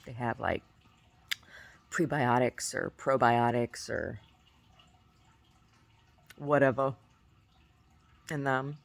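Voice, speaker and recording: A woman with a low voice chatting casually on her vlog. She swoops all over in pitch and rambles effusively, laughing often. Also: animated, drawn-out words, creaky, long pauses, no room sound. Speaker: vlogger. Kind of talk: casual chat.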